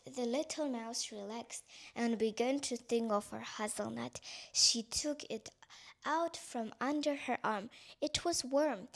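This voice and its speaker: A woman narrating a bedtime story in a soft, soothing way. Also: fairly high pitch. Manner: soft, slow, soothing reading.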